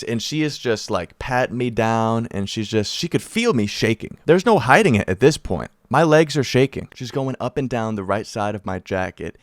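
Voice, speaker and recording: A young American man vlogging in a casual storytelling style, animated and profane, repeating lines for emphasis. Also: medium pitch, dry recording, clean studio sound. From United States.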